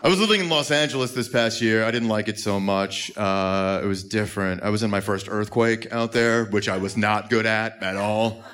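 A man's voice: fairly low pitch, fairly even intonation, normal speed, few pauses, a bit bright. Laid-back chatty male comedian on stage. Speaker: stand-up comedian. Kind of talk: stand-up comedy set. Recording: live club with laughter and noise. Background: audience laughing.

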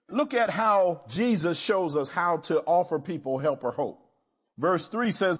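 A male pastor preaching with a high, lively voice that leaps up and drops low. He swings from near-shouted emphasis to hushed asides. The delivery is animated sermon preaching.

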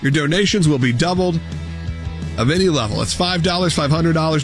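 A man with a somewhat high voice hosts a talk radio show from a studio, earnest and energetic, circling back over his points. Faint music sits underneath him. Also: brisk. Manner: earnest, energetic pitch with repetitions. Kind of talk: talk radio fundraising appeal.

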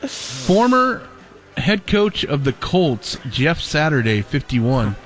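A man's voice: fairly high pitch, sing-song, slow pace, a bit bright, faint music behind. A man co-hosting a morning radio show, joking around while reading out birthdays. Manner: jokey, reads birthday list.

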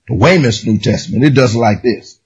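A man preaching a lively sermon, telling a story in character and calling out to his congregation. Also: medium pitch, brisk, husky, lo-fi sound. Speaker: pastor.

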